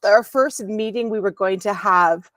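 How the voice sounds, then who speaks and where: A woman's voice: mid-range voice, unhurried, a bit bright, no room sound. A woman, a podcast guest, candidly telling a personal story at home over a video call, with a rambling flow and frequent ums.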